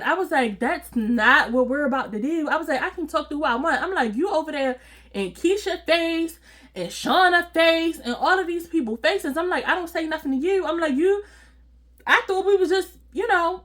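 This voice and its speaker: A woman telling a personal story to her viewers in a casual, animated, slangy way, often breaking into laughter. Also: extremely high pitch, moderate pace. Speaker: storytime vlogger.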